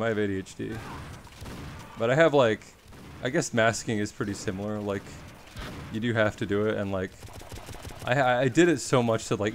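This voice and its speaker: A man's voice: fairly low pitch, slight background noise. A man from Australia chatting casually on his stream, rambling and wry, swearing now and then.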